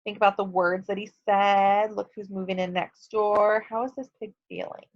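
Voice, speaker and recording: A woman's voice: medium pitch, level tone, moderate pace. A woman teacher reading a picture book aloud to her students, stopping to ask questions and explain. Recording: dull lo-fi recording.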